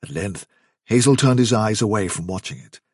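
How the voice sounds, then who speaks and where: A man narrating a story in a measured, hushed way. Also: lowish voice, husky, dry recording, studio quality. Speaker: audiobook narrator. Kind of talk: scripted narration.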